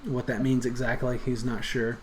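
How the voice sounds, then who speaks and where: A man's voice: mid-range voice, little pitch movement, normal speed, a little mellow, slight background noise. Easygoing man running a tabletop game. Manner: loose and conversational, with frequent "uh" and "you know". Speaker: game master.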